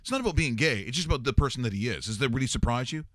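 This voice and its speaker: A middle-aged man hosting a live-streamed talk show, riffing in animated comedic banter and slipping into mocking impressions, speaking into a studio microphone. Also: medium pitch, very fast, no room sound. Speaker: radio show host.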